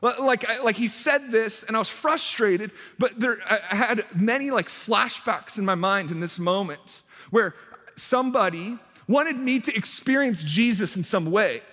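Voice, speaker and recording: A man's voice: sits high, normal speed, a bit bright. A young man, a youth pastor, giving a casual sermon full of fillers and restarts as he tells a camp story. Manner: chatty, self-deprecating, many fillers and restarts. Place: church hall. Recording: long hall reverb.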